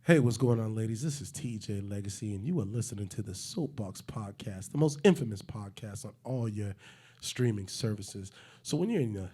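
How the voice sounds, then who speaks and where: A man co-hosting a podcast, recording promo intros, switching between a hyped announcer shout and a smooth seductive voice. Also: fairly low pitch, normal speed. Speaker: podcast co-host. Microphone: handheld microphone.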